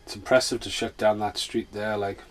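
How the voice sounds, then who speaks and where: Low-voiced man, rambling film commentary. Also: little pitch movement, moderate pace. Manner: rambling, laughs often. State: slurred speech; injured, in pain. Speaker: podcast host.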